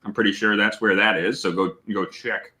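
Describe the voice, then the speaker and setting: A man hosting a casual whiskey tasting livestream, talking loudly, greeting viewers and laughing often. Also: fairly low pitch, moderate pace. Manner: loud and animated, laughs often. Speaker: host of a whiskey tasting stream.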